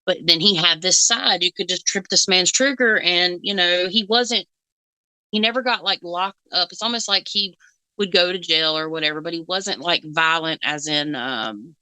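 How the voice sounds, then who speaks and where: A woman's voice: lowish voice, moderate pace, pushed and bright, clear, resonant tone, no room sound, low-quality recording. A woman co-hosting a casual reaction chat as a psychic, rambling with fillers and frequent giggles. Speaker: psychic co-host.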